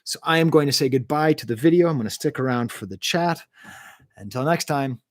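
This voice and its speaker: A man with a mid-range voice, talking a little fast, hosts a music review livestream at home. He ranks albums enthusiastically, rambles, and reads out messages from the live chat.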